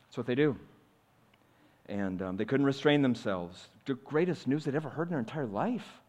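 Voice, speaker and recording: A male pastor preaching a sermon in a church, earnestly swinging between loud emphasis and quiet, confiding asides. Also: medium pitch, lively intonation, normal speed, long pauses. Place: church sanctuary. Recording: long reverb of a large hall.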